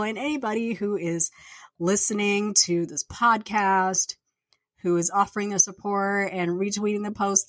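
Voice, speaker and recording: A woman with a lowish voice talks into a podcast microphone, unscripted and candid. She rambles and vents, trailing off with fillers. The sound is dry and close, with no room around her. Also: no echo. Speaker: podcast host and author. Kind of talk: casual solo podcast rant. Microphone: plugged-in podcast microphone.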